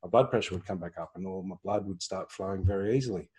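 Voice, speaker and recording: A man's voice: sits low, fast, warm tone, slightly rough. A middle-aged man coaching a client in a live intuitive reading, telling stories earnestly and acting out his own inner voice. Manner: earnest, reflective storytelling with quoted inner speech.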